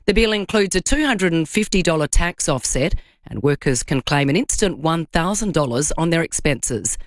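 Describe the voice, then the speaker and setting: Low-voiced woman reading radio news. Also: lively intonation, no room sound. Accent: Australian. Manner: measured formal news delivery. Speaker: news presenter.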